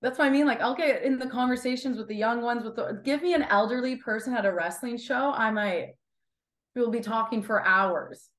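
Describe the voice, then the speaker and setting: A woman's voice: a little high, fairly quick, echoey room. A young woman in her twenties, a wrestler guest chatting casually and acting out quotes. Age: 20s. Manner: chatty, animated, acts out quotes. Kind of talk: casual interview chat.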